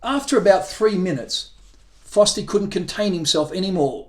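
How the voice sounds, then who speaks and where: A man reading his own short story aloud in a gentle, wry, leisurely storytelling manner. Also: sits high, moderate pace. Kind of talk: storybook narration.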